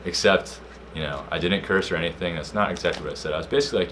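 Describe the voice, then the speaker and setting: A young man co-hosting a casual podcast, telling a story with slang and loud acted-out quotes. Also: low voice, fast talker, slight background noise. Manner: animated storyteller, slangy, acts out quotes loudly. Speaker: podcast co-host.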